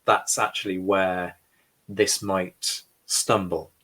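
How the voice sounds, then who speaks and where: A man's voice: deep voice, flat delivery, takes it slowly, bright, forceful tone, husky. A man hosting a history podcast livestream, giving opinionated commentary with dry sarcastic asides. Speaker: podcast host. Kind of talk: livestream reaction discussion.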